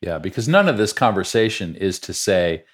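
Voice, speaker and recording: Deep-voiced reflective man. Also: big pitch swings, normal speed, breathy edge. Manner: reflective, encouraging. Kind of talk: casual podcast conversation.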